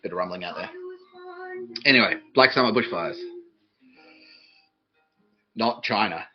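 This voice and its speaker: A man's voice: low voice, expressive, a little fast, dull audio, soft background music. A man, hosting a podcast stream and rambling through a comic monologue, swearing often and laughing at his own jokes. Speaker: podcast host streaming live. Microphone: desk microphone.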